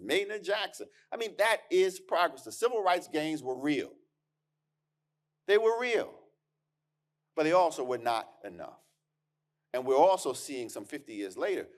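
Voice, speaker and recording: In a lecture hall, a historian delivers a keynote in an emphatic, conversational manner, tossing in punchy asides and repeating words as he restarts. His voice sits high.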